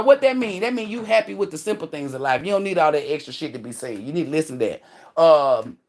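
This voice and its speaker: A woman's voice: sits low, expressive, quick pace. Livestream host: a woman outdoors on her phone, blunt and profane, preaching at her viewers. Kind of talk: casual livestream talk. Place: outdoors among trees.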